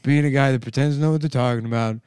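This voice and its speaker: A man's voice: mid-range voice, steady tone, very fast, darkish tone, clean tone, no echo. A man co-hosting a crude comedy podcast. He rambles through jokes and keeps restarting mid-sentence. His voice sits in a middle register, and the recording is close and dry with no room sound. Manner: rambling, restarts often while building a bit. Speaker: podcast co-host.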